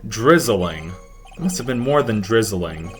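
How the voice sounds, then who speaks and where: A man's voice: on the low side, lively intonation, a little slow, faint music behind. A man doing casual, sarcastic let's-play commentary, mocking the game as he reads its lines aloud.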